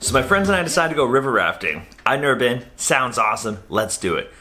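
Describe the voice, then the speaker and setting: A man's voice: fast, faint music behind. A young man telling a rambling personal story to camera, acting out what he and his friends said in raised voices. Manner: animated, acts out quoted voices loudly and higher. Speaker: comedian and magician telling a story.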